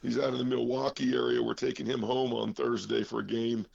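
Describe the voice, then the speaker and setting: Winded coach from Iowa, very gravelly, lo-fi line, rambling with fillers. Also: male voice, medium pitch, level tone, a little fast, a little mellow. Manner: rambling, filler-heavy, self-deprecating humor. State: out of breath. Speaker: head basketball coach, guest. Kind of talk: casual phone interview.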